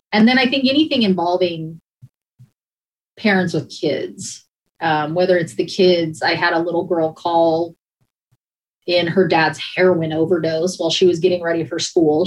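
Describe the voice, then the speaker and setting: A woman and former emergency dispatcher recounting hard calls in a halting, emotional way, with many restarts and pauses. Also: on the low side, low-quality recording. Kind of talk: personal account in a conversation.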